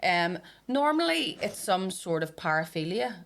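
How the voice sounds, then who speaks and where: A woman's voice: fairly low pitch, very animated, measured pace, a bit bright. A woman hosting a podcast, chatting casually with crude, giggly banter. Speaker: podcast host. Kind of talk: casual chat.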